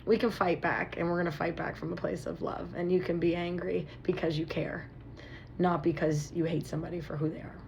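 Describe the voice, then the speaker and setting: Woman psychic medium, casual vlog to camera; blunt, animated, swears, emotional. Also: on the low side, brisk, gravelly, slight background noise. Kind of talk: casual direct-to-camera talk.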